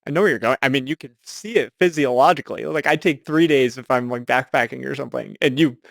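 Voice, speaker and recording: A man's voice: medium pitch, fast, vocal fry, dry recording, clean studio sound. A man speaking as a podcast guest, matter-of-fact, with laughs between his points. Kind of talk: casual discussion.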